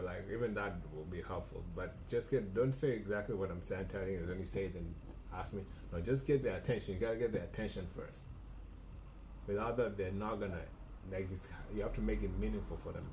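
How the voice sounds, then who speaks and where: A man's voice: low voice, fairly quick, background noise. A man coaching a cold caller on a live stream, bluntly and with lots of repetition as he reviews a recorded call. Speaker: cold-calling sales coach.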